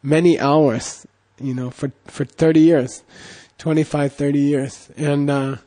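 Chatty man teaching, fairly high voice. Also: level tone, measured pace, mellow. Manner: chatty and digressive, with constant "you know" and "okay?" check-ins. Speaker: Buddhist teacher. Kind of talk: casual dharma talk with anecdotes.

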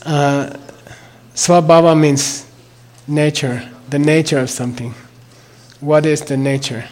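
An older man with a fairly high, steady, slightly mellow voice teaches the sounds and meaning of a mantra. He goes slowly and deliberately, spelling words out, repeating them, and asking "okay?" after each point.

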